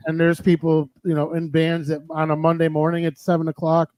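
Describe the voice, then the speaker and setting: A man's voice: a little high, completely flat delivery, fairly quick, darkish tone, dry recording, rough recording. A man hosting a live radio stream, chatting casually and joking over a video call. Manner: loose, joking, swears casually. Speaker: radio show host.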